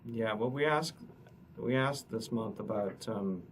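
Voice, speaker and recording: A man, an economist, explaining survey results at a press conference in a halting way, often repeating words. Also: fairly low pitch. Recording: distant mic with noticeable noise.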